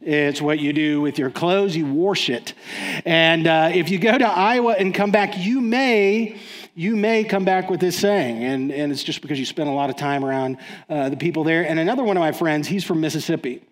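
A man's voice: fairly high pitch, normal speed. A man filling in as guest speaker, giving a casual, joking sermon to a live audience, full of fillers and restarts.

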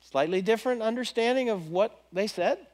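Male preacher, high voice that swoops all over, chatty sermon, keeps repeating his questions. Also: normal speed. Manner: animated, conversational, repeats questions.

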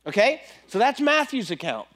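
A man preaching a sermon in a conversational, animated way, often repeating questions to his listeners. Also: very high voice, moderate pace.

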